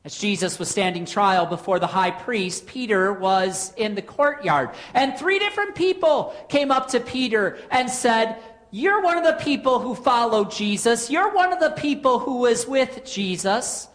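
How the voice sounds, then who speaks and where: A woman preaching a sermon in an earnest way, posing rhetorical questions with dramatic pauses. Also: fairly high pitch, animated.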